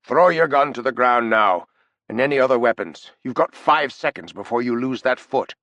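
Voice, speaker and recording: A man's voice: mid-range voice, expressive, normal speed, fairly bright tone, no echo, close to an everyday voice. Man playing a tough sergeant, short firm orders, dry close sound. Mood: commanding. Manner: firm, clipped commands. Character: calm tough male bodyguard sergeant.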